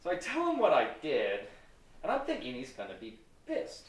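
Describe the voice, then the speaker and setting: A podcast host telling profane stories in casual chat with friends. He is animated and laughs often. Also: fairly high pitch, normal speed, background noise. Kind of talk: casual storytelling among friends. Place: patio with friends. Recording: roomy sound, distant mic.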